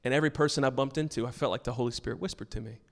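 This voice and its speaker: A man's voice: medium pitch, very fast, creaky, in a large hall. A pastor preaching a sermon to his congregation, emphatic and earnest, telling stories between points. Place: church sanctuary with a congregation.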